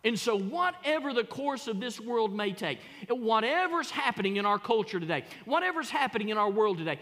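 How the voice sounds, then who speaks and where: A man preaching a sermon as pastor, emphatic, repeating his phrases and rising to loud peaks. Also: sits high, expressive, a little fast, hardly any pauses. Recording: long reverb of a church hall.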